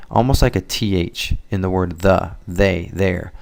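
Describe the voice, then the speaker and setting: A man teaching Spanish in a relaxed, casual lesson, explaining sounds and slowly modeling words for the listener to repeat. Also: deep voice, creaky. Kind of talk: casual spoken language lesson.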